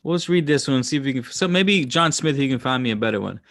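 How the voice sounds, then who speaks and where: A man's voice: mid-range voice, lively intonation, fast talker, fairly bright tone. Man, casual livestream host, profane, irreverent, rambling musings. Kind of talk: casual livestream commentary reading scripture aloud.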